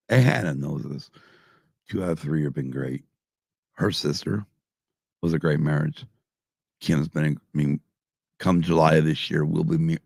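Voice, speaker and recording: A man's voice: very deep voice, creaky, a little mellow, no room sound, clean studio sound. A middle-aged man hosting a podcast live stream, rambling and swearing constantly while drinking. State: drinking, tipsy. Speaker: podcast host. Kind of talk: casual live-stream chat.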